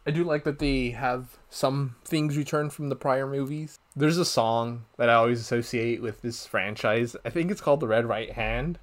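With a mid-range voice, a moderate pace and hardly any pauses, a young man co-hosting a podcast talks casually about a film. He gets animated, reenacting lines and laughing through them.

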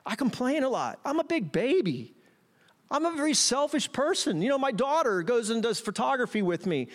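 Man, middle-aged, pastor, sermon, high-pitched, animated, self-mocking. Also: normal speed. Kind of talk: sermon with personal stories.

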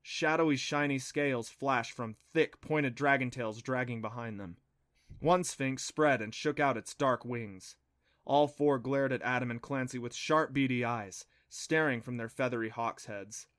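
A man narrating a children's adventure storybook in a steady, expressive reading. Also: mid-range voice, unhurried, no room sound, clean studio sound. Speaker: audiobook narrator.

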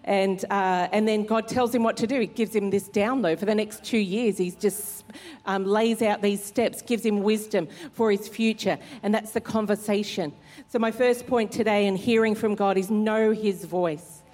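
A woman's voice: mid-range voice, steady tone, normal speed, darkish tone. A woman pastor, preaching a sermon in an earnest, conversational way with fillers. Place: church service hall. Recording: long hall reverb in church.

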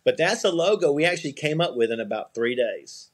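Husky-voiced man telling rambling stories. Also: a little high, animated, brisk. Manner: rambling anecdotes with frequent restarts and chuckles. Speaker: podcast guest, eyewear company CEO. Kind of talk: casual storytelling interview.

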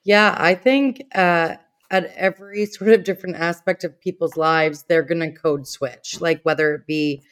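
A single mother talks as a podcast guest and tells her stories with animation. She laughs often, and her voice sits a bit lower than most women's. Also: moderate pace, fairly bright tone, clear, resonant tone. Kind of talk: casual conversation.

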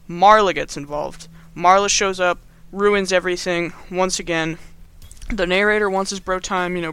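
A man's voice: sits high, sharp tone, clean tone. A young man giving a casual, rambling movie recap in slangy speech full of fillers. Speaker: video host.

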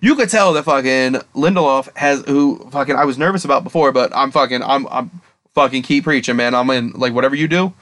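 A young man chatting at a fast clip on a casual podcast. He rambles and gushes, swearing nearly every other word, with his pitch sitting in an ordinary middle register. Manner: excited, heavy swearing, rapid rambling retelling. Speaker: podcast co-host. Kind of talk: casual chat.

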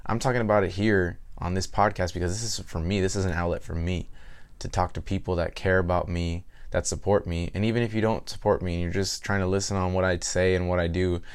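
Blunt deep-voiced man podcasting solo. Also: fairly even intonation, fast talker, clean tone. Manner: blunt, candid, lots of fillers and restarts. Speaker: podcast host; personal trainer. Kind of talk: casual solo podcast talk.

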